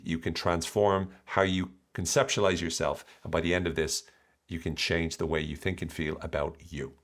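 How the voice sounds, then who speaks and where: A man hosting his own podcast, explaining ideas in an enthusiastic, animated solo monologue. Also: sits low. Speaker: podcast host.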